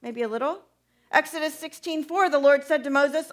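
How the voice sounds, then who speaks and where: Woman, preacher, high pitch, conversational sermon, asks listeners questions. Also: moderate pace.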